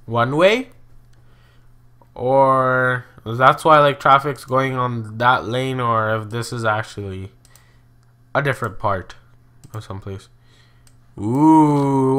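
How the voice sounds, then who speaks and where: A man's voice: mid-range voice, slow pace, long pauses, bright, forceful tone, clean tone. A young man giving casual, chatty commentary on a geography guessing game, exclaiming and mocking himself as he goes. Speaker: gaming video host.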